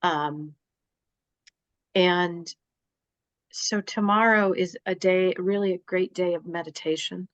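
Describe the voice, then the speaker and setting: A woman giving a spiritual astrology talk, rambling and halting with many fillers. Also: fairly low pitch, fairly even intonation, dry recording. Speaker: astrology reader. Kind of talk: spiritual live-stream talk. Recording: dull dry lo-fi sound.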